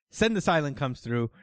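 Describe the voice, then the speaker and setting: A man's voice: a little high, a bit bright, no room sound, clean studio sound. A man in casual chat recapping a manga, laid-back, full of fillers and jokes, retelling scenes in quotes. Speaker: podcast co-host.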